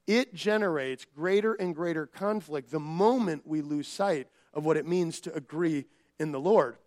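High-voiced man preaching a family sermon. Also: moderate pace. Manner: animated, acts out quoted family arguments; conversational with filler words and restarts. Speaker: pastor.

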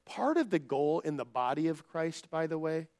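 High-voiced man preaching a family sermon. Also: normal speed. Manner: animated, acts out quoted family arguments; conversational with filler words and restarts. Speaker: pastor.

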